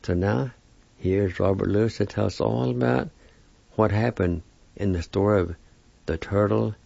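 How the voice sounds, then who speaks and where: Man, host, very deep voice, gravelly, measured intro, dry dull lo-fi sound. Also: fairly even intonation, dark tone, no echo. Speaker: program host. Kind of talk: announcing a story segment.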